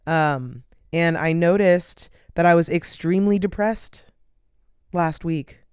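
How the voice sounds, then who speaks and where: Young woman podcast host, tired and yawning, loose rambling chat; very smooth, resonant tone, dry close sound. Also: lowish voice, slow, a little mellow, dry recording. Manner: rambling, lots of "like" and "um". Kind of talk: casual solo chat.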